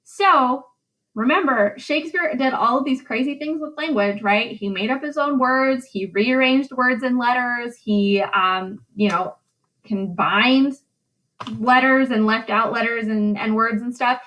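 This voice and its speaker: A woman's voice: fairly high pitch, a little slow, a bit bright, rough recording. A woman teacher giving a recorded English lesson, drawing out syllables and checking in with "right?". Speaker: high school English teacher.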